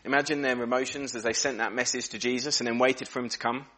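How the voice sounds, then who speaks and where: A man preaching a sermon in a church, earnest and reflective, slowing down and dropping his voice for emphasis. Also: medium pitch, steady tone, pushed and bright. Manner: earnest, reflective, varies pace and volume for emphasis.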